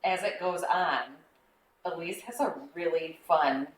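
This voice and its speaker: Low-voiced woman co-host in an echoey room. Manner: chatty, teasing, quick to laugh. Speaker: podcast co-host. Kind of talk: casual podcast chat. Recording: echoey room with faint background noise.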